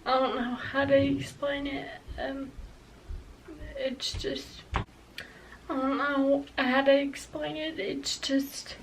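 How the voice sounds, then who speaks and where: A woman's voice: sits high, level tone, slow pace, long pauses, far from the mic, a little hiss or hum, low-quality recording. A young woman in her early twenties talking hesitantly and emotionally in a personal confessional vlog. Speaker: vlogger.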